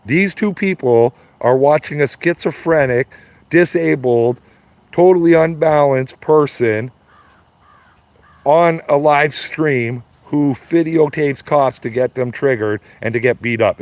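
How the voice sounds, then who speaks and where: Speaking unhurriedly in a medium-pitched voice with a darkish tone, a Canadian man in his fifties goes on a blunt, profane live-stream rant. He mocks his critics and laughs at his own jokes, and the dry recording has a slightly dull, lo-fi stream quality.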